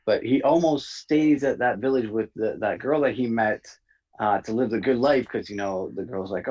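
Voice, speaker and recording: A man co-hosting a review podcast in a casual chat, talking in a relaxed, hesitant way with many fillers. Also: on the low side, moderate pace, breathy edge. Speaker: podcast co-host. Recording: dull lo-fi audio.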